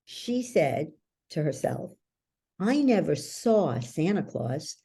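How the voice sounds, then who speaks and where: A woman's voice: lowish voice, big pitch swings, slow pace, gravelly, long pauses, warm tone, husky. A woman who is a guest coach, explaining ideas in an interview, telling stories and checking in often with the listener. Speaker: guest, belief-change coach.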